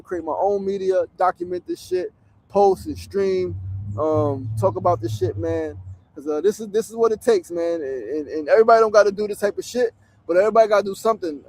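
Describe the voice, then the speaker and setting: A show host in his 40s from New York chats bluntly and with lots of cursing during an outdoor livestream, shot on his phone from a street tent. His high-sitting voice carries vocal fry and a slightly mellow edge.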